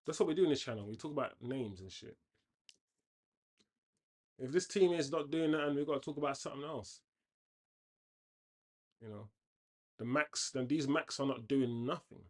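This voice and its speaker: A man hosting a casual football watchalong, chatting on tangents and reacting loudly to the play. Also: medium pitch, moderate pace, pauses often. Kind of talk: casual live match commentary.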